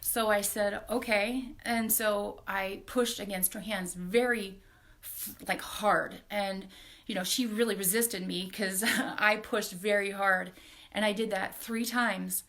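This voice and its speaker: A woman's voice: mid-range voice, fairly even intonation. Woman telling a heartfelt personal story. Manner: heartfelt, halting, with soft laughs. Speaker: host. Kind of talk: personal storytelling on a live stream.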